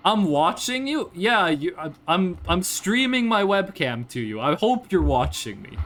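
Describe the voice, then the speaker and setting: A woman from Norway, chatting casually with her live-stream chat, blunt and animated, swearing freely. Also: lowish voice, unhurried. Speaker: VTuber streamer.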